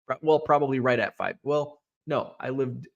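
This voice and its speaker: A man's voice: mid-range voice, normal speed, vocal fry, muffled recording. Rambling chatty man on a stream. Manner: rambling, chatty, many fillers and restarts. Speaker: host of a sports card live stream. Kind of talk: casual live-stream chat reading viewer comments.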